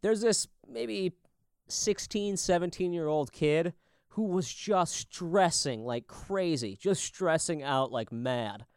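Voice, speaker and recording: A man from Minnesota tells a story on a podcast in a high, lively voice that leaps around as he acts out the people in it. The sound is dry and close, with no room around it. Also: slow pace, clear, resonant tone, dry recording. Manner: animated storytelling, acting out quoted voices. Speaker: podcast co-host. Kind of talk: casual podcast chat.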